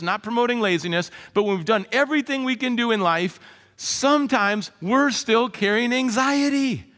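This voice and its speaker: A man's voice: sits high, a bit bright, big-room sound. A middle-aged male pastor preaching a sermon in an earnest, conversational way, with fillers along the way. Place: church sanctuary.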